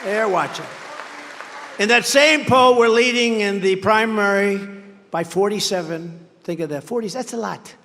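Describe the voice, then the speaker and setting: A man's voice: high-pitched, a little slow, sharp tone, a faint crowd, slight background noise. A man giving a rambling, boastful campaign rally speech at a podium microphone, mocking his rivals by acting out their words. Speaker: political candidate. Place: large campaign rally venue. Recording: long reverb of a large venue.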